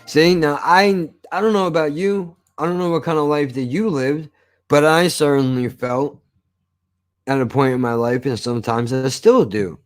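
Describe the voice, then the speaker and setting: A man recounting a TV show in a casual, profane, animated rant. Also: fairly high pitch, moderate pace, soft background music. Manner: swears constantly, animated storytelling. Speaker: show reviewer.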